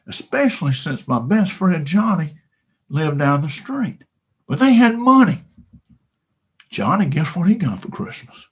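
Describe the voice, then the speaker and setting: A man animatedly retelling a motivational sales story, dropping to a hush and then rising loud. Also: a little high, husky. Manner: dramatic, shifts between hushed and loud.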